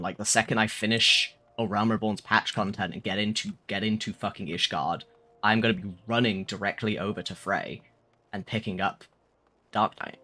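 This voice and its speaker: Young man, streamer, casual rambling chat, low-ish pitch, bright tone. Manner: rambling, swears a lot, lots of fillers.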